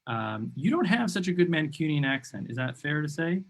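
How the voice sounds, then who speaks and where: A man's voice: fairly high pitch, sing-song, moderate pace. A man from New York hosting an interview over a video call, talking enthusiastically and rambling, often repeating himself. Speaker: host. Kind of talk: conversational interview.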